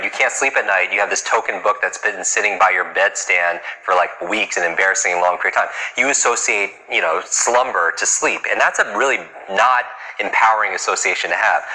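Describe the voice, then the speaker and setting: Brisk low-voiced New man. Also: sharp tone, rough recording. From New York. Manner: brisk, punchy, full of rhetorical questions. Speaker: speed-reading coach. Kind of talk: motivational talk to a live audience.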